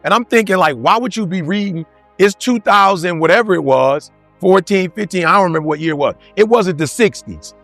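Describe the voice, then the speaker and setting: High-pitched punchy motivational speaker man. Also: a little fast, fairly bright tone, no room sound, faint music behind. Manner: punchy rhetorical questions, street-casual slang. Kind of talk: motivational talk to a live audience.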